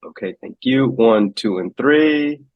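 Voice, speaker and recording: A man hosting an online meetup, relaxed and halting, with plenty of fillers, on a video call. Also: medium pitch, no room sound, dull audio. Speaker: meetup host. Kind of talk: casual hosting.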